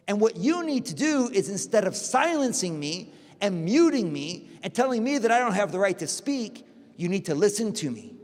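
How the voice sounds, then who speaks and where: A man, a priest, giving a lively conference talk full of rhetorical questions and acted-out dialogue. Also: high-pitched. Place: large conference hall. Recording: long hall reverb.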